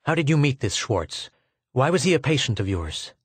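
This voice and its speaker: A man's voice: mid-range voice, big pitch swings, normal speed, slightly rough, no room sound, clean studio sound. Audiobook figure: a proud, despairing archaeologist, urgent and pressing, read by a male narrator. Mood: grim. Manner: urgent, demanding questions.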